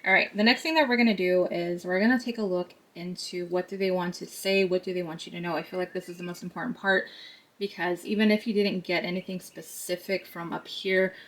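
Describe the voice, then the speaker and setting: A woman's voice: lowish voice, steady tone, fairly quick, fairly bright tone. A woman giving a tarot card reading to her viewers, talking in a chatty, earnest way with many fillers and asides.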